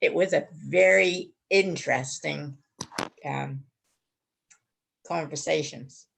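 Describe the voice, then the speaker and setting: An older woman attending a workshop, slow and halting as she clears her throat and thanks the team. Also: deep voice, background noise. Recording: distant, off-mic audio.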